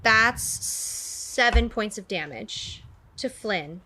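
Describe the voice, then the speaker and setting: A woman's voice: medium pitch, animated, drawn-out words, pushed and bright, low-quality recording. A woman playing a tabletop game, upbeat and chatty. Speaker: player. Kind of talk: tabletop role-play.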